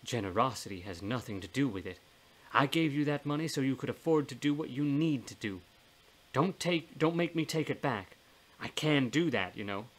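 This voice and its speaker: A man's voice: medium pitch, expressive, fairly quick, close to an everyday voice. A man voicing a blunt, folksy older woman's ghost in a storybook reading, with a plain-spoken, scolding manner.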